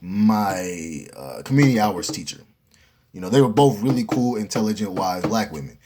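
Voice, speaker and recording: A young man casually telling a storytime to the camera, animated and slangy, with profanity and asides to the viewer. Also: on the low side, normal speed, crowd noise.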